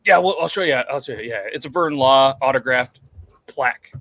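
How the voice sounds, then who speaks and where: A man's voice: mid-range voice, normal speed, fairly bright tone, dry recording. A man hosting a casual podcast chat, loose and joking, with lots of fillers and restarts. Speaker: podcast host.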